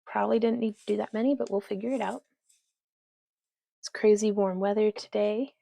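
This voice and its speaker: A woman's voice: mid-range voice, fairly even intonation, fairly quick, creaky, warm tone, no echo. A woman hosting a casual crafting livestream, chatting as she works and reading viewer comments aloud. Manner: chatty, reads viewer comments aloud, talks to her dog.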